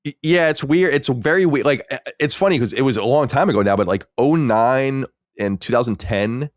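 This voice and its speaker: A man's voice: mid-range voice, fairly quick, no echo, studio quality. A man in his thirties co-hosting a podcast, chatting casually and telling rambling stories with some swearing. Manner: animated, swearing, rambling storyteller. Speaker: podcast co-host.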